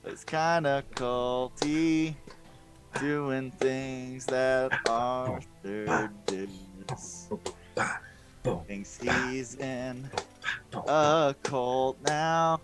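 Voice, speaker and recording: Man, player in a tabletop game, playful, vocal sound effects, very slow delivery, video call, music in the background. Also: medium pitch, fairly even intonation. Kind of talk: casual chat during a tabletop game. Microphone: video call with a lagging connection.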